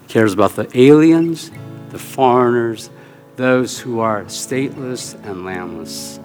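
A man preaching a sermon, telling a personal story with swings of pitch and volume. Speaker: pastor. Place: church sanctuary. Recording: hall reverb with soft guitar music.

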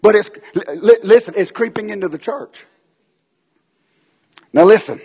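A man preaching a fiery sermon in a church, building to shouts as he drives his point home. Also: high voice, unhurried, husky. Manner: impassioned preaching, rising to shouts. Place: church sanctuary. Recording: long echoing hall reverb.

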